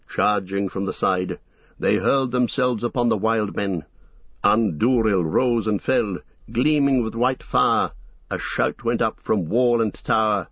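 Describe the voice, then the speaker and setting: Low, husky male narrator. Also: no room sound, dull audio. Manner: measured, dramatic storytelling. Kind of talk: audiobook narration.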